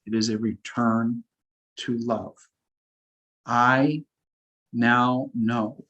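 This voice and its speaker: A man talking earnestly as a guest on a spiritual talk show, repeating his affirmations slowly. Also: fairly low pitch, a bit bright, poor audio. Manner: earnest, slow, repetitive affirmations.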